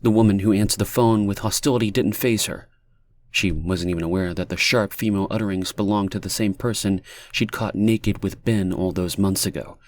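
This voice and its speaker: Low-voiced man narrating an audiobook. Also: fairly even intonation, fairly quick, a little mellow, no room sound.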